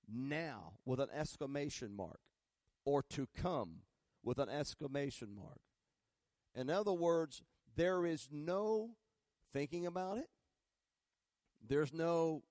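A man's voice: mid-range voice, lively intonation, unhurried, long pauses, a little mellow, no echo, studio quality. A male pastor preaching a sermon in a folksy way, building to emphatic, rising bursts and spelling out words. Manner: folksy, uses "ain't" and humor.

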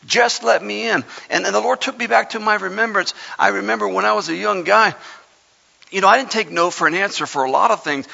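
Male preacher, sermon, bright gravelly voice, dull lo-fi hall recording. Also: high-pitched, quick pace. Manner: fervent, builds to hollering, folksy asides. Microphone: microphone. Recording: reverberant hall, dull lo-fi sound.

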